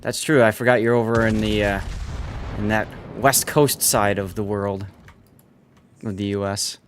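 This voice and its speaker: A man's voice: on the low side, fairly even intonation, measured pace, a little hiss or hum. A man streaming a naval warship game, casually chatting with his viewers and answering their messages between callouts about torpedoes and ranges. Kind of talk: casual live-stream chat while gaming.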